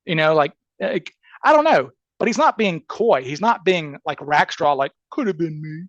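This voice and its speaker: A man, a criminal defense attorney, telling a story casually as a podcast guest, animated and restarting often. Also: a little high, normal speed, no room sound, muffled recording. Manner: animated, acts out quoted voices, frequent restarts.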